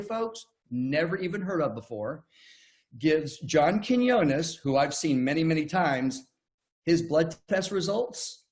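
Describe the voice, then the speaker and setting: A man in his sixties giving an online business presentation, telling his story in a folksy way with many restarts. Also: a little high. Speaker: network marketing presenter.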